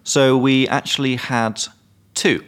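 A man's voice: mid-range voice, fairly even intonation, slow pace, a bit bright. A man co-hosting a podcast as an English teacher, explaining slang casually with examples and swearing. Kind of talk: casual chat.

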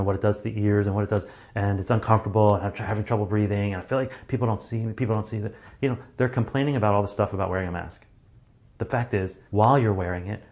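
Casting note: low-pitched man, speaking coach, animated delivery, acts out examples. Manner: frequent restarts and fillers. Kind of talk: solo talk, advice monologue.

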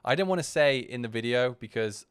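A man's voice: mid-range voice, animated, brisk, clear, resonant tone, no echo. A man hosting a podcast, giving casual, candid commentary on his own video in a rambling way full of restarts. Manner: candid and self-deprecating. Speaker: podcast host.

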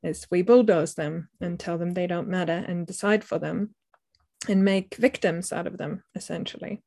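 Thoughtful woman with a lowish voice. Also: steady tone, normal speed, vocal fry, dark tone. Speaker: parenting podcast co-host. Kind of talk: casual discussion.

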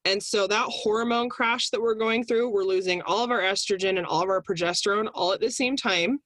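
A woman's voice: mid-range voice, a little fast, no room sound. A woman chatting on a podcast with a lot of laughter, acting out over-the-top inner voices to make her point. The sound is dry and close, with almost no room around her. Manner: animated, laughing, acts out exaggerated inner voices. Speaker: guest speaker. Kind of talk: casual podcast chat.

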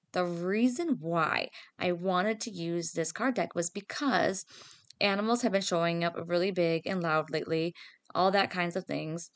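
A woman's voice: fairly low pitch, fairly bright tone, no room sound. A woman hosting her own spiritual podcast as a psychic medium, talking casually in a chatty, upbeat, self-deprecating way. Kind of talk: casual solo podcast talk.

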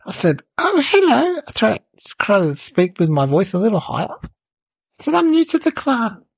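A woman playing a cheeky, clueless little boy who tells a comic story in a rambling, deadpan way with childlike logic. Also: a little high, moderate pace, no echo, full character voice. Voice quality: creaky, husky. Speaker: podcast comic character narrator. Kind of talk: comic character monologue.

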